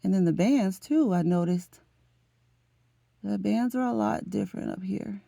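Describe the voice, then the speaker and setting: A middle-aged vlogger from Florida chats casually to the camera, emotional and talkative, calling her viewers "honey" and "y'all." Her voice is mid-range, gravelly and warm, at a measured pace, with no echo.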